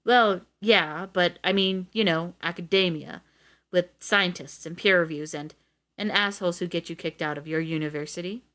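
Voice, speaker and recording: A woman's voice: lowish voice, moderate pace, fairly bright tone, lightly acted. A woman reading aloud as a defensive, sarcastic male schoolteacher with a sardonic, flustered way of talking.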